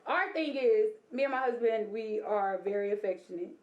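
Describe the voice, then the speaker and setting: A woman's voice: a little high, normal speed, lo-fi sound. A married woman telling candid, laughing stories in a casual podcast chat. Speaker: podcast guest. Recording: echoey room.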